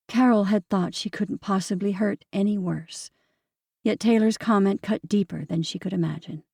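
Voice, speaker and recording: A woman narrating a romance audiobook in a measured, even storytelling manner. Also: medium pitch, gravelly, slightly rough, no room sound, clean studio sound. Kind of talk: scripted narration.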